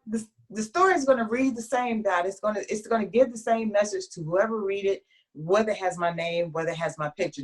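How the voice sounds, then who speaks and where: A woman author in an interview, telling her story in a chatty, lively way with frequent restarts. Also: medium pitch.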